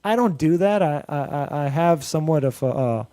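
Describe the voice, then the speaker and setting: A man's voice: fairly high pitch, expressive, normal speed, dark tone, dry recording. A man hosting a podcast, chatting casually and reading listener reviews aloud, rambling with fillers and frequent laughs, with a mixed Indian-American accent. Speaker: podcast host.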